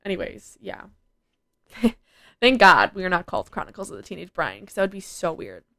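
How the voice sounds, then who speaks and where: A woman's voice: fairly low pitch, sing-song, normal speed, vocal fry, a bit bright, dry recording, clean studio sound. A teenage girl hosting her own podcast, chatting casually and rambling with lots of "like". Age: teens. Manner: chatty and rambling, with many likes. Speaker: podcast host. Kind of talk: casual solo podcast chat.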